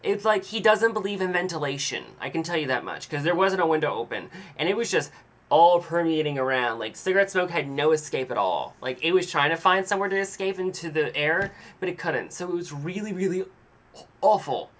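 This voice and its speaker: A man's voice: fairly high pitch, lively intonation, fairly quick, fairly bright tone. A man telling a story casually in a vlog, rambling with self-deprecating asides. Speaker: vlogger.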